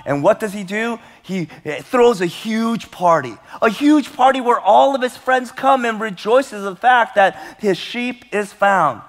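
Pastor preaching in a reverberant hall. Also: male voice, animated, unhurried, vocal fry, hardly any pauses. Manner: storytelling, dropping soft and low for tender moments, rising loud for emphasis. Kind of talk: sermon. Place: large church hall. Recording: long church hall reverb.

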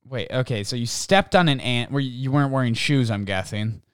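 Rambling man with a smooth voice. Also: medium pitch, moderate pace, a bit bright, no room sound, clean studio sound. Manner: rambling, with many fillers and restarts. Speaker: podcast host. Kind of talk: casual comedic monologue, reading listener stories.

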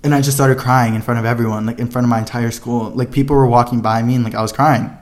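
A man's voice: mid-range voice, steady tone, fast. A young man hosting his own podcast, telling a personal story in a casual, chatty way, full of fillers and dramatic retellings. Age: young adult. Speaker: podcast host.

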